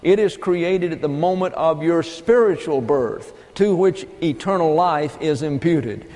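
A man's voice: on the high side, lively intonation, measured pace, warm tone. Methodical male preacher, reverberant hall. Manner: methodical, spells words out and numbers points. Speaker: pastor. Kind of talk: expository Bible teaching sermon. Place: church pulpit.

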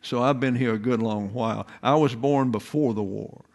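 A man in his eighties preaching, slow and deliberate, mixing doctrine with folksy asides and memories. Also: medium pitch, creaky, darkish tone. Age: 80s. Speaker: pastor. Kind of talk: sermon.

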